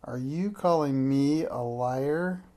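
A storyteller reading a big, tough bully boy from a children's book in a gruff way. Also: mid-range voice, slow pace, dark tone, natural voice.

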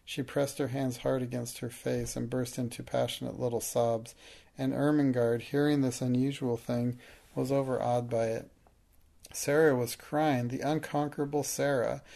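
A man narrating an audiobook in a steady, measured reading. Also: medium pitch, gravelly.

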